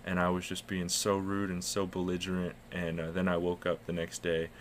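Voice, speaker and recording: A man's voice: low voice, monotone, moderate pace, slight background noise. A man from the United States co-hosting a casual podcast, telling rambling, profane stories. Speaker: podcast co-host.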